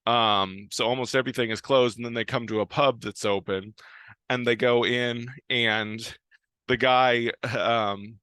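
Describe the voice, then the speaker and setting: A man's voice: mid-range voice, fairly even intonation, unhurried, sharp tone, clean tone, no room sound. An American man casually recapping a TV episode, rambling with lots of fillers and restarts and frequent chuckles. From United States. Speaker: video host.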